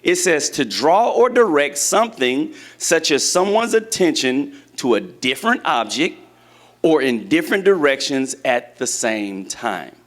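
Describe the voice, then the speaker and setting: A man preaches to his congregation in a loose, conversational way, often putting questions to the room. His voice sits a little high for a man, and it swings up and down with animation. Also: sing-song, measured pace. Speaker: church teacher. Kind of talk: sermon to a congregation. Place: church hall with a congregation.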